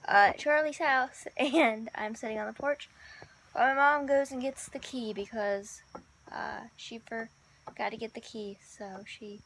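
A woman's voice: on the high side, measured pace, fairly bright tone, slight background noise, low-quality recording. A woman vlogging in a casual, rambling way, often correcting herself and giggling. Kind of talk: casual vlog chat.

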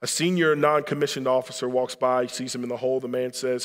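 A man's voice: medium pitch, level tone, fast, long reverb tail. A man preaching a sermon as pastor, earnestly, building to impassioned appeals. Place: church sanctuary.

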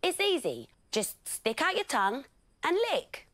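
A woman reading a storybook aloud, putting on the loud, bossy voices of a lion gang. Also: high voice, huge pitch swings, unhurried, slight background noise, voice pushed up, exaggerated voice.

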